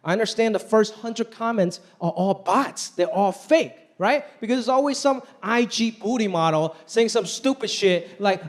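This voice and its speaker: A man performing a stand-up comedy routine on stage, animated and putting on voices for the people in his stories. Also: sits high, moderate pace, few pauses. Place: stage before a laughing audience. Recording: live show with crowd laughter.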